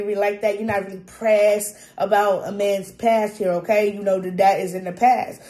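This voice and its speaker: A casual, chatty woman reads tarot cards straight to her viewers, her voice sitting a little high. She swears freely, laughs easily and keeps asking "okay?" The room around her rings with a noticeable echo. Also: darkish tone. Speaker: tarot reader.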